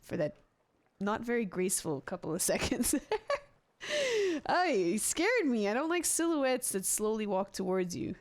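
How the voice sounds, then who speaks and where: Lively chatty woman streamer. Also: medium pitch, measured pace. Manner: chatty, giggly, reacts loudly to the game. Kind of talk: live gameplay commentary.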